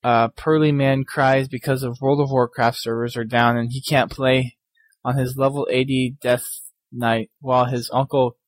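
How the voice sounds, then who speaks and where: A man's voice: mid-range voice, flat delivery, moderate pace, no room sound. A man co-hosting a casual gaming podcast, joking and reading out listener emails. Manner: jokey, laughs often. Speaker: podcast co-host.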